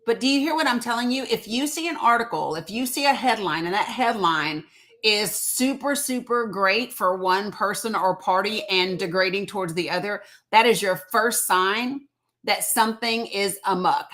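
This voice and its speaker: A middle-aged woman hosts a casual livestream from home on her phone, speaking at a normal speed in a mid-range, fairly bright voice. She's emphatic and chatty, repeats her points, and greets viewers by name.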